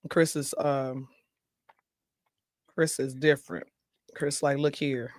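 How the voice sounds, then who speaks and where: A man hosts a casual talk show in a mid-range, level voice, taking his time as he chats and reads viewer comments aloud. He laughs often and speaks straight to his viewers, and there's no room sound at all.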